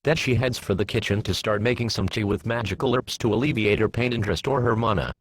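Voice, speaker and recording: A man reading a fan fiction story aloud in a plain, steady storytelling manner. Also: fairly low pitch, fast, slightly rough, no echo, poor audio. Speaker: narrator.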